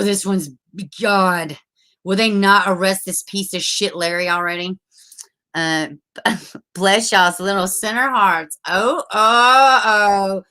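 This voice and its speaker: Woman, thirties, livestream host, bright, chatty, swears a lot. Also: medium pitch. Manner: chatty, laughing often, swearing, talking to chat. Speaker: livestream host reading viewer comments. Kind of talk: casual livestream chat.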